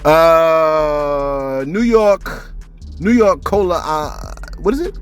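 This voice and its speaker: A man, animatedly chatting through celebrity news and reading out viewer shout-outs. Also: a little high, drawn-out words, clean tone, faint music behind. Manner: animated, rhetorical, keeps saying "you know what I'm saying". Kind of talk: casual vlog commentary and viewer shout-outs.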